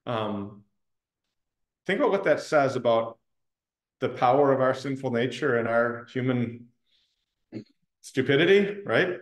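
A man of middling pitch teaches an adult Bible study class in a conversational way, throwing questions at the group and pausing on frequent ums. He is recorded in a church classroom with a roomy, echoing sound. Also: expressive.

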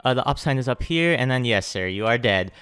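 A young man hosting a gaming channel, giving excitable live commentary on his own play and hyping every win with slang. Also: medium pitch, brisk, clean tone, no room sound.

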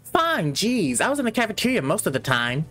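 A man's voice: high-pitched, wildly swooping pitch, fairly quick, fairly bright tone, soft background music. Man reading game dialogue aloud. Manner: reads character lines aloud, breaking off to comment and laugh. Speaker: gaming channel host.

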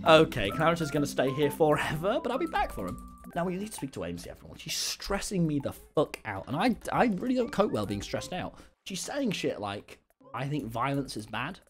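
A young man streaming a game in casual chat, loud and brash, swearing and swinging into shouts. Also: a little high, wildly swooping pitch, brisk, faint music behind. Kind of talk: casual gaming livestream chat.

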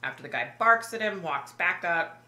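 A woman with a low, bright-edged voice tells a story to her camera in a halting, emotional way, stumbling over fillers. She sounds like a psychic vlogger speaking casually to her viewers. The room is roomy, with a faint hum behind her. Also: animated. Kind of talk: personal vlog storytelling.

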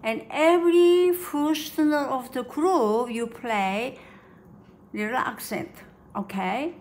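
A woman's voice: high-pitched, takes it slowly, a little mellow, slight background noise. A woman giving a piano lesson, counting beats and singing rhythms aloud as she teaches. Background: piano playing.

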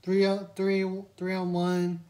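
A woman's voice: on the low side, monotone, slow, dark tone. A woman giving a rambling, scene-by-scene spoiler review of a film, acting out quoted lines as she recaps. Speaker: movie reviewer.

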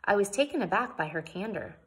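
Brief: woman narrator reading a story chapter, breathy, mid pitch, casual asides. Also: animated, fast. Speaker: audiobook reader. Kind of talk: reading a novel aloud.

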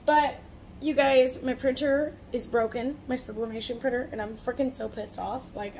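A woman's voice: fairly high pitch, darkish tone, slight background noise. A young woman in her twenties chatting casually to camera, rambling with frequent fillers and little laughs. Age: 20s. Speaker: vlogger.

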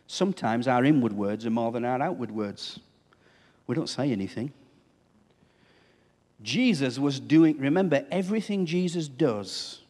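A man's voice: mid-range voice, a little mellow. Man preaching a sermon in a reverberant church. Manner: conversational, asks the congregation questions. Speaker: pastor.

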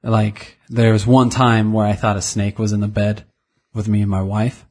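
A man's voice: fairly low pitch, flat delivery, normal speed, a little mellow. A man in his thirties co-hosting a casual podcast, rambling through anecdotes and chuckling often. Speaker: podcast co-host. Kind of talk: casual chat.

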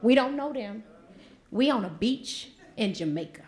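Gravelly woman telling a story. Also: a little high, unhurried. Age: 40s. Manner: animated, vernacular, acts out quotes loudly. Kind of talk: live stage storytelling. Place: stage before an audience.

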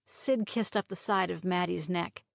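A woman's voice: lowish voice, measured pace, gravelly, no room sound. Woman narrating a romance story, dry sound. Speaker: audiobook reader.

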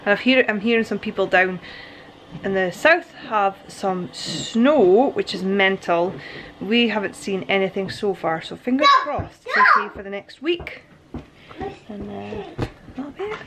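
A woman's voice: mid-range voice, animated, unhurried, noisy background. A woman chatting casually to camera at home, rambling on about her plans for the day. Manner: chatty, rambling, drifts between plans and baby talk. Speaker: vlogger and first-time mum. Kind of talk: casual vlog chat to camera. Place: at home indoors.

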